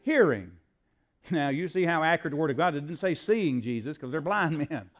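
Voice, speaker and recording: An older man preaching a sermon to a church congregation, asking the crowd questions and building to loud shouts. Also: a little high, expressive, brisk. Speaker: pastor. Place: church sanctuary.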